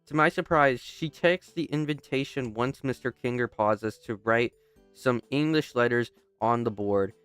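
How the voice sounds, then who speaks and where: A man's voice: medium pitch, a little slow, a bit bright, clear, resonant tone, no room sound, faint music behind. A young man casually reading a game's text aloud while playing, often stopping to restart and break into joking asides. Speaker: gamer.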